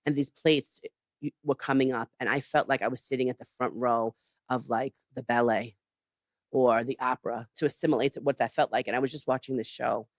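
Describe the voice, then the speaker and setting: A woman's voice: very deep voice, a little fast, no room sound, studio quality. A woman chef being interviewed, telling her story emphatically with lots of "like" and "you know.". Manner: animated, emphatic retelling with frequent "like". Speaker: chef, podcast guest.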